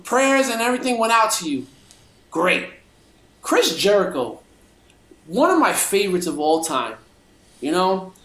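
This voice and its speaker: A man's voice: high-pitched, sing-song, measured pace, pauses often, pushed and bright. Fired-up, foul-mouthed man ranting in an echoey room. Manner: profanity-laced, fired-up ranting. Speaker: podcast co-host. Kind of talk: heated opinion rant on a podcast.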